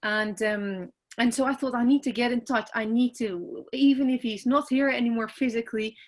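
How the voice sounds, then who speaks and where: Tearful Dutch woman, soft and halting. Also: fairly high pitch, steady tone. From Netherlands. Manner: soft, hesitant, halting with many ums. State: tearful, emotional. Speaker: team member on a group call. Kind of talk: casual self-introduction on a video call. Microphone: video call.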